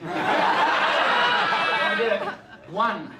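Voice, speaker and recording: Guy with a high voice hamming it up on stage, egging the crowd on, loud audience and noisy echoey room. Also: wildly swooping pitch, drawn-out words. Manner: joking, self-mocking, coaxing the crowd to cheer. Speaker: stage comedy variety performer. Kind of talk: live stage comedy routine. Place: live venue before an audience. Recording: roomy distant mic with loud crowd and noise.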